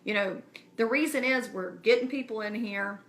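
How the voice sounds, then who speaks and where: A woman's voice: fairly high pitch, moderate pace, a bit bright. A woman speaking casually and earnestly to her viewers, encouraging them directly. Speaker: speaker addressing her community. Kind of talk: casual live-stream address.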